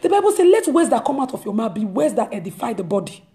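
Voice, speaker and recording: Host, woman, fairly high and mellow voice, emphatic exhortation with repeated phrases. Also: sing-song, quick pace. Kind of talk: impassioned preaching monologue.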